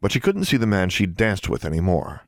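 A man narrating a fantasy audiobook in an even, measured storytelling manner. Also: low-pitched, dry recording, clean studio sound.

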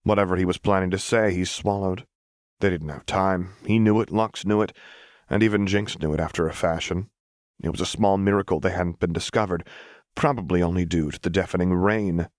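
A man reading fan fiction aloud in a measured, even narration. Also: sits low, dry recording, studio quality. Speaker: audiobook reader.

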